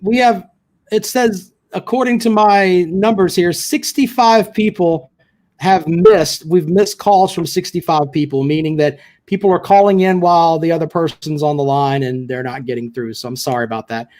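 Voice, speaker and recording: A man's voice: fairly high pitch, moderate pace, darkish tone. A man hosting a live call-in sports show, loose and hesitant with many fillers. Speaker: show host taking calls.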